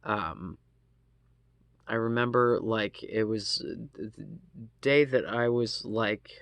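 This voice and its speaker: A man with a lowish voice tells a personal story at an unhurried pace. He speaks haltingly and swears freely, breaking off and restarting his sentences. The sound is close and dry. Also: a bit bright, clean tone, no echo. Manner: halting, profane, many restarts. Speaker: vlogger. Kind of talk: casual storytime monologue.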